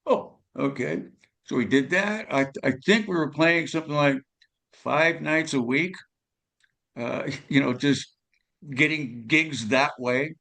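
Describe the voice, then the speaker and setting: A man's voice: on the high side, a little slow, sharp tone. An older man, a guest musician telling rambling stories in an interview, full of fillers and tag questions. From California, USA. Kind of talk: storytelling interview.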